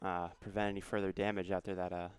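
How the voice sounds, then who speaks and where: A young man giving color commentary on a student soccer broadcast, speaking in an unhurried way with frequent fillers. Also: deep voice, little pitch movement, clear, resonant tone, dry recording. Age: young adult.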